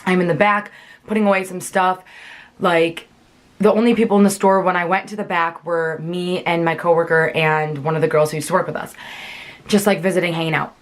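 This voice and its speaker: A woman's voice: lowish voice, fairly even intonation, brisk. A young woman telling a chatty storytime vlog, filling her sentences with "like". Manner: chatty, many fillers like "like". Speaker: vlogger.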